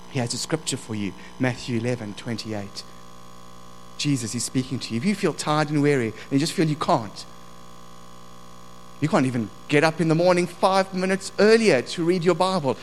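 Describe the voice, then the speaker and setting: Emphatic male preacher, slightly high voice. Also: animated, moderate pace, a little hiss or hum, low-quality recording. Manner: emphatic storyteller, rising to loud preaching. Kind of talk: sermon.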